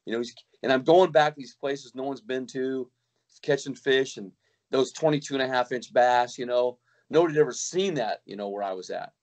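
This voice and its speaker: A man's voice: medium pitch, a little fast, a little mellow. A middle-aged man, a kayak fishing guide, telling a long story in casual chat with many restarts and acted-out quotes.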